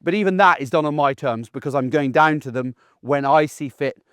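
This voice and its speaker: A man, a dog trainer giving a casual, animated lesson outdoors while acting out voices. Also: on the high side, brisk, clean tone, no echo, studio quality. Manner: chatty and animated, acts out the dog's and owner's voices. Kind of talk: casual instructional talk.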